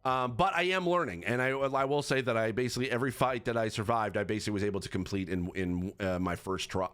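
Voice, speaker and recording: A man's voice: medium pitch, fast, a bit bright, smooth. A man giving casual game commentary as a reviewer, rambling with many fillers, restarts and self-corrections. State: has the hiccups. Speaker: gaming accessibility reviewer.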